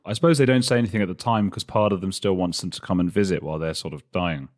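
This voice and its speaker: A man's voice: low voice, fast talker. A man hosting a podcast, chatty and self-mocking, reading an intro and then interviewing a guest. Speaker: podcast host.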